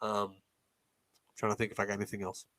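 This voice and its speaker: A man's voice: fairly low pitch, moderate pace, no echo. A man in his thirties hosting a podcast, chatting casually and rambling with lots of fillers. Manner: relaxed, rambling with many fillers. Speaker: podcast host. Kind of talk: casual chat.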